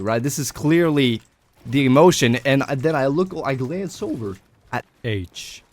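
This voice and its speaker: A young man tells a personal story to his viewers in a loose, animated way, swearing freely. His voice sits in an ordinary middle pitch. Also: unhurried. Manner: animated, swearing, breaks into laughter. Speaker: vlogger. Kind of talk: casual storytelling vlog.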